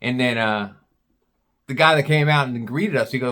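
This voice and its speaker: A man's voice: medium pitch, normal speed, long pauses, a bit bright. Male storyteller, casual and rambling, restarts often, curses freely, mid-range voice. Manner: rambling, restarts, blunt swearing.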